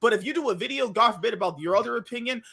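Husky, high, bright-voiced man joking. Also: lively intonation, rapid-fire. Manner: crude, joking, laughs between lines. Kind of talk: casual podcast chat.

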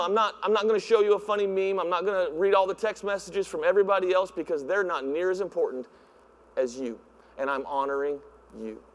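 A male pastor preaching in a church, animated and acting out voices with laughs. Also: high-pitched. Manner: animated, acts out voices, laughs at own jokes. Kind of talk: sermon. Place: church sanctuary. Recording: long hall reverb.

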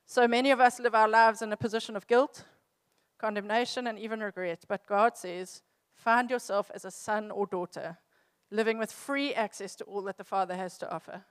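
A woman's voice: medium pitch, moderate pace, smooth. A woman giving a short reflective sermon and asking the listeners questions.

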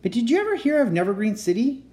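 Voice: medium pitch, sing-song, fast, darkish tone, pitched above the performer's own voice, close to an everyday voice. A reader playing a plucky nine-year-old boy. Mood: polite. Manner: cheerful, matter-of-fact. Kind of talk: children's storybook read-aloud.

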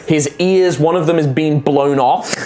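A man narrating a tabletop game as game master, animated and laughing often. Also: a little high, a little slow. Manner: animated, full of fillers and laughter.

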